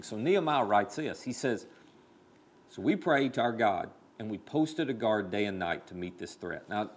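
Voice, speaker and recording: A male pastor delivers a sermon in an animated storytelling manner. His pitch sits in a middle range but swings widely as he builds toward big points. He speaks directly to his listeners and makes the story feel personal.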